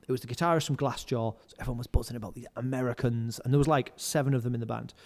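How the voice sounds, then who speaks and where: A man's voice: medium pitch, fairly even intonation, racing, a little mellow. A man, telling backstage stories as a podcast guest in a rambling, casual way with lots of fillers. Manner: rambling storyteller, heavy use of "like". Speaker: podcast guest, live music stage manager. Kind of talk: casual anecdotal chat. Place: indoors, podcast recording. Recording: reverberant room with long echo.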